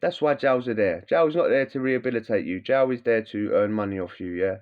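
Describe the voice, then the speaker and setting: A man, a former prisoner, hosting a podcast in a blunt, animated, swearing rant. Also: lowish voice, brisk, clear, resonant tone. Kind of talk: casual ranting monologue. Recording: dull lo-fi sound.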